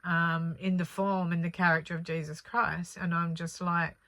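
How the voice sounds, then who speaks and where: Female spiritual storyteller, low-pitched but bright voice, earnest and animated, dry close recording. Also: normal speed, dry recording. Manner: earnest, animated retelling with many fillers. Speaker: spiritual channeller.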